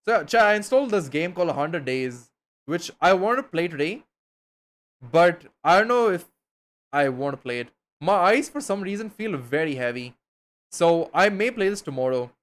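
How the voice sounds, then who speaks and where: A young man from India, talking with his stream chat. His voice sits a little higher than most men's. He rambles casually, full of slang and the odd curse word. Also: sing-song, moderate pace, fairly bright tone. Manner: slangy, swearing, chatty and rambling.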